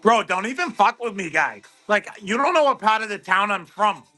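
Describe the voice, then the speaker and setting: A man's voice: sits high, expressive, moderate pace, sharp tone, soft background music. A man voicing a brash, tough-talking small-town man who is defensive and picks fights, in an aggressive, swaggering manner. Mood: belligerent.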